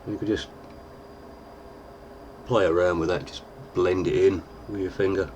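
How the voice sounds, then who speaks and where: A deep-voiced man, chatting casually through a makeup tutorial with plenty of fillers. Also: steady tone, unhurried, a little mellow, a little hiss or hum. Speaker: lookalike performer giving a tutorial.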